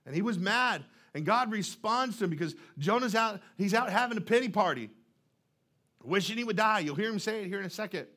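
A man's voice: high-pitched, lively intonation, brisk, sharp tone. A male pastor preaching a sermon in a church, in a conversational way, often putting questions to the congregation.

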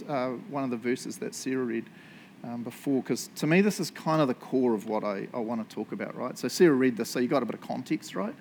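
A man giving a relaxed, joking sermon, often checking in with the congregation. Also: mid-range voice, slight background noise. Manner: chatty, joking, keeps asking "right?". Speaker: pastor. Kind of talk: casual sermon. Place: church service.

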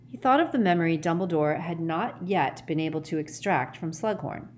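Low-voiced woman reading an audiobook. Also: normal speed, hardly any pauses, darkish tone, a little hiss or hum. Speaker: narrator. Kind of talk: audiobook narration.

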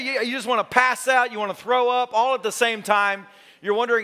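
A man's voice: very high-pitched, a little fast, faint music behind. A male pastor preaching a sermon, telling a story with jokes and acting out quotes. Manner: animated, joking, acts out quotes. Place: church sanctuary.

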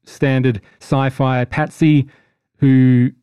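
Man, game master, casual podcast chat, teasing, rambling, mellow tone, dry close mic. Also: mid-range voice, flat delivery, slow, clean tone, no echo.

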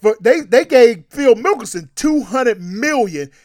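A man co-hosting a sports radio show, talking in an animated, emphatic, slangy way. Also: very high-pitched, measured pace, dry recording, clean studio sound. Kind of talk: casual sports talk.

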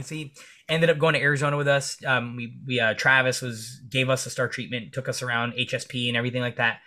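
A man speaking as a police officer and podcast guest. He tells energetic stories in casual interview chat and swears freely. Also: fast talker. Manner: acts out dialogue in comic high voices.

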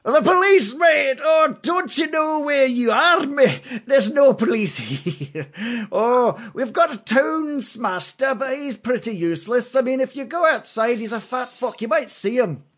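A man voicing a rowdy, crude male tavern local, half shouting. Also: extremely high pitch, animated, measured pace, pitched above the performer's own voice, heavily acted. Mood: scoffing.

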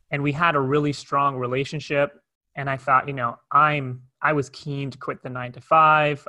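A young adult man telling a personal story in a candid, conversational way. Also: on the high side. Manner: candid, conversational, animated retelling. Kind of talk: storytelling talk.

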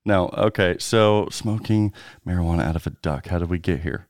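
A man co-hosts a podcast in easy back-and-forth chat. His voice sits low, and he ribs his partner with quick jokes. The recording is close and dry. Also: a little mellow, dry recording. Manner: teasing, jokey banter. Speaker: podcast co-host. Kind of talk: casual chat.

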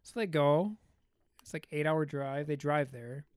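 A man's voice: on the high side, measured pace, smooth, dry recording, clean studio sound. A man co-hosting a podcast, casually recapping a film in a rambling, profane storytelling way. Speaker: podcast co-host. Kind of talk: casual movie recap chat.

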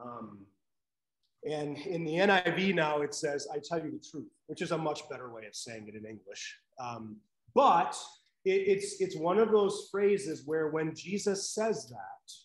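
A man's voice: fairly high pitch, echoey room, low-quality recording. A man teaching a live Bible class in a conversational way, checking in with "right?" and using many fillers.

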